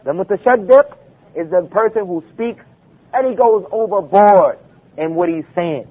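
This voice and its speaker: A man's voice: high-pitched, normal speed, slightly rough. A man giving an Islamic lecture, emphatic and full of rhetorical questions, quoting Arabic texts. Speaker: preacher. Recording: phone-like lo-fi recording.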